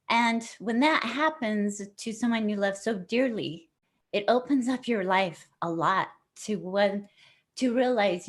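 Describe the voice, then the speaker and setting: A middle-aged woman being interviewed as a guest author, sharing in an earnest, effusive way that turns tearful at moments. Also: medium pitch. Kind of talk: emotional personal sharing in an online interview.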